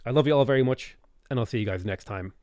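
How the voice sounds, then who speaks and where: Laid-back Irish streamer, dry close sound. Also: male voice, medium pitch, fast, darkish tone, no room sound. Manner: rambling, reads out and answers chat questions. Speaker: game streamer. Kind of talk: casual live-stream chat.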